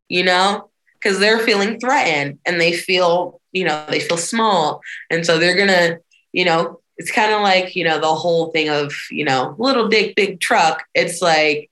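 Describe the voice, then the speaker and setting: A woman activist answering interview questions in a lively, conversational way, often acting out other people's voices. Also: on the low side, unhurried, a little hiss or hum. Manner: animated, acts out quoted voices. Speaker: activist guest.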